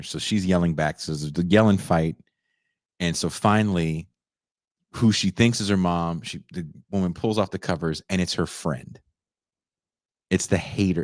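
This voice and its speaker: A man with a very low, deep voice co-hosts a podcast in casual chat. He retells a story with animated energy and jumps into sudden high shrieks when he acts out the quotes. The sound is dry and close to the mic. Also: no room sound. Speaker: podcast co-host.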